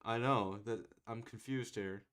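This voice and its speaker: A man's voice: on the low side, a little slow, fairly bright tone. A man co-hosting a casual podcast chat, mostly agreeing and often restarting his thoughts. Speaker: podcast co-host. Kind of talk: casual chat reacting to a video.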